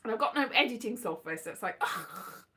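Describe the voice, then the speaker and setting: Keyboard music plays as a woman films a casual vlog on her phone at home. Her medium-pitched voice is expressive, bright and forceful, a little fast, and she rambles in a scatterbrained, self-mocking manner, slipping into goofy snatches of song.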